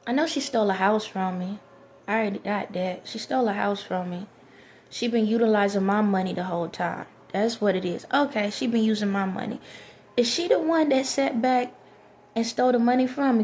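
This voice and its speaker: A woman's voice: mid-range voice, a little mellow, slight background noise. A woman vlogger talking to camera in a rambling casual monologue, repeating phrases and restarting sentences.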